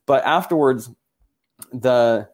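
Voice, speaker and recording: A man's voice: mid-range voice, slow, darkish tone. A man from Utah, a photographer guest in an interview, telling his story earnestly with many restarts and filler words.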